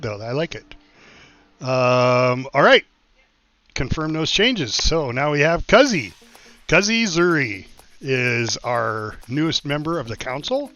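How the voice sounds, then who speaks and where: A gameplay streamer with a medium-pitched, sharp-toned voice casually talks through a strategy game as he plays, thinking out loud with plenty of fillers. His slightly dull lo-fi mic also picks up faint music.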